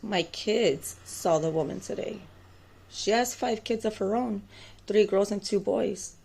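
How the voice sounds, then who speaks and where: A tarot vlogger, an adult woman and mother of two boys, tells a personal story to camera in a rambling, intense way, full of fillers and with a defiant edge. Her voice is medium-pitched, gravelly, slightly rough and a little mellow, and she speaks at a measured pace.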